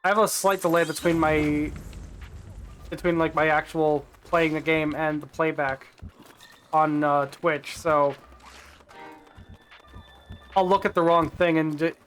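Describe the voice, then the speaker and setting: A man's voice: a little high, steady tone, unhurried, pauses often, a bit bright, soft background music. A man chatting casually while streaming a video game, rambling and correcting himself as he plays. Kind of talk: casual live-stream commentary.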